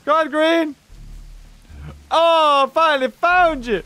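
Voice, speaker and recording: A man giving excitable gameplay commentary, laughing often and yelping at jump scares. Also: extremely high pitch, takes it slowly, no room sound. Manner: excitable, laughs a lot, yelps and shouts at scares. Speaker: gaming YouTuber.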